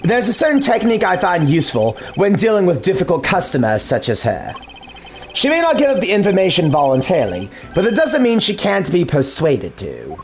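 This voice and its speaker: A man voicing a composed, calculating male investigator who speaks in a measured, formal way. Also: high-pitched, huge pitch swings, faint music behind, exaggerated voice.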